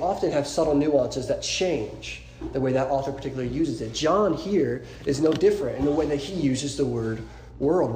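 A man's voice: a little high, dark tone. Earnest preacher man in an echoey room. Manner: earnest, emphatic preaching with repeated points. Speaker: pastor. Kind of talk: sermon.

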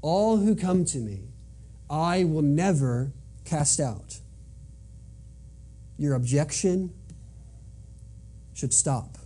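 A man's voice: on the high side, expressive, drawn-out words, pauses often, warm tone, husky. A man preaching a sermon in an earnest, emphatic way, driving points home by repeating them. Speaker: pastor.

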